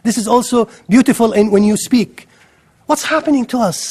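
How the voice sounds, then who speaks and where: A man giving an impassioned Islamic lecture, excitable and firing rhetorical questions at his audience. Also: very high voice, quick pace.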